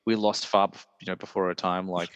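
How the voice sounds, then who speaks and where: A man's voice: low-pitched, little pitch movement, a little fast, smooth. Chatty male podcast host with reverb. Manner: chatty, self-deprecating, laughs often. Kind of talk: casual chat.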